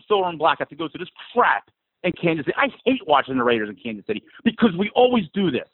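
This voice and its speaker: A man's voice: a little high, sing-song, fast, slightly rough, dry recording. A man in his forties with a New Jersey accent, calling in to rant about his team, fired up and exasperated, and fighting a cold. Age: 40s. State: has a cold. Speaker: caller. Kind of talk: emotional sports call-in rant. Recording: tinny phone line.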